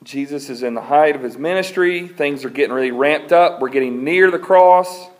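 A man preaching a sermon, telling a scripture story with humor and animated delivery and reading verses aloud. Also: fairly high pitch, normal speed, hardly any pauses. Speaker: pastor.

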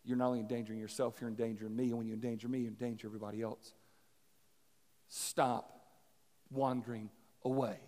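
A man's voice: medium pitch, flat delivery, fast, long pauses, dark tone, in a large hall, voice pushed down, lightly acted. A man playing a patient shepherd who scolds and pleads with a stray sheep, earnest and insistent. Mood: stern.

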